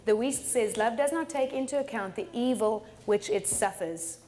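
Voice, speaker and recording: A woman's voice: fairly high pitch, normal speed, darkish tone, a little hiss or hum. A middle-aged woman pastor preaching a sermon in a chatty way, often laughing and repeating words. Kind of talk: sermon teaching.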